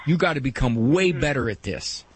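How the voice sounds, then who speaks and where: A middle-aged man hosting a call-in advice show, lecturing emphatically with a gravelly voice. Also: mid-range voice, lively intonation, slight background noise. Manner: emphatic, lecturing, breaks into quick mock quotes. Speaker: radio advice host.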